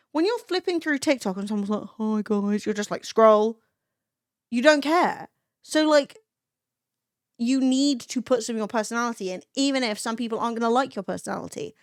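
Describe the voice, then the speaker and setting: A woman in her thirties talks to her live stream in a blunt, sweary, chatty way, acting out little impressions as she goes. Her voice sits a touch high, recorded close and dry with no room sound. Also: dry recording. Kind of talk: casual chat to a live stream.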